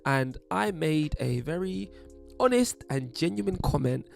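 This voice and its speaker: Young british guy vlogging to camera, wry and chatty, bit of fry in his voice. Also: a little high, unhurried, faint music behind. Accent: British English. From England. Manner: chatty, wry, lively asides. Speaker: YouTube host. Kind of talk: casual commentary to camera.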